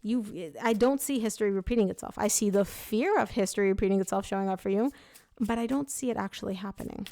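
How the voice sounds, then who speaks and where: A young woman reads tarot cards in a relaxed, chatty way, frank and loose, filling her talk with "like" and catching her own slips. Her voice sits at a middle pitch. It is recorded close and dry, with no room sound. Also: fast, no room sound. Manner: chatty, frank, full of "like" and self-corrections. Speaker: tarot reader. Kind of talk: casual tarot reading to camera.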